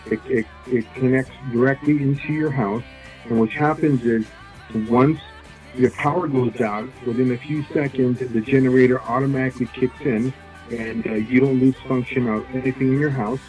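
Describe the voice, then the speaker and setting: A man working as a solar sales representative, explaining his offers in casual interview talk, halting with many fillers and restarts. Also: mid-range voice, steady tone, darkish tone, soft background music, poor audio.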